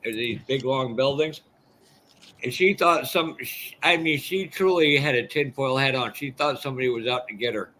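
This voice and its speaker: A man hosts a casual hobby livestream. He swears freely and tells blunt stories, laughing as he goes. His voice is bright, with a faint hum underneath. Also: medium pitch, moderate pace, low-quality recording. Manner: laughs often, storytelling, blunt.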